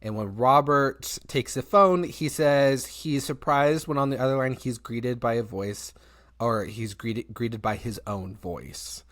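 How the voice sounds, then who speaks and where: A young man hosting a podcast, telling a story in casual chat, animated, laughing often and swearing freely. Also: mid-range voice, a little slow. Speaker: podcast host.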